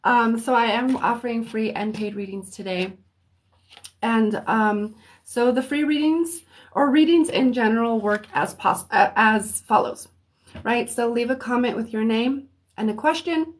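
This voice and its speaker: A woman chats easily with her viewers as host of a livestream of readings. Her voice sits somewhat high, and she speaks at a slow, drawn-out pace. She pauses often, filling the gaps with "um," in a friendly, unhurried way. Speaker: host and psychic reader. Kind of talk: casual livestream chat.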